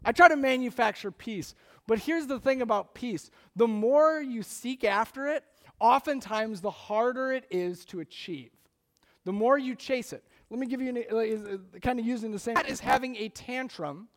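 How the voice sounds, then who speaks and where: A man preaching a sermon in a conversational, animated storytelling way, acting out little scenes as he goes. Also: very high voice, normal speed. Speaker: pastor.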